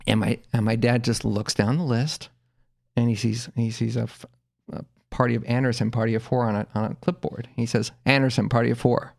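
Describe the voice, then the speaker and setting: A man with a middle-pitched, everyday voice tells a long comic story from his childhood. He talks loosely and excitedly, breaks into laughter and pushes his voice up high when he acts out the people he quotes. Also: brisk, gravelly. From Los Angeles area. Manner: animated anecdote teller, acts out quoted voices, laughs often. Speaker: podcast guest telling a story. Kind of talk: casual storytelling.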